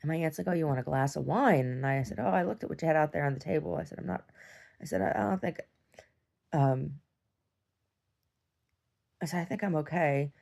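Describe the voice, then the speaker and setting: Low, gravelly woman rambling in a video diary. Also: a little fast, long pauses, a little mellow. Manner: meandering, many restarts and "like"s, swears casually. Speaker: video diarist.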